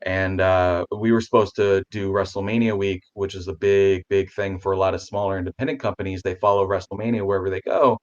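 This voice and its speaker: A man who is a guest on a casual video chat, rambling with restarts, talking warmly about his pets. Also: low voice, steady tone, a little fast, hardly any pauses, muffled recording.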